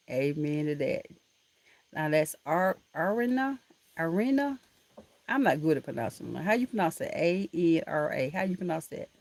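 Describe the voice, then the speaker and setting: A woman's voice: sits low, lively intonation, unhurried, long pauses, darkish tone. A woman hosting a casual live stream from a room at home, chatting affectionately with viewers and laughing often. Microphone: laptop camera mic.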